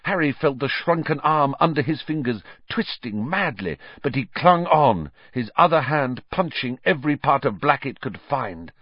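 A man reading a story aloud in a dramatic, measured audiobook style. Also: medium pitch, big pitch swings, husky, dry recording, lo-fi sound. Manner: dramatic, measured, varied delivery. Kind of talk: audiobook narration.

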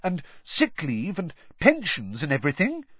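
A man voicing an earnest, indignant schoolgirl in a storybook reading, high and insistent. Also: wildly swooping pitch, normal speed, slightly rough, no echo, dull audio, heavily acted.

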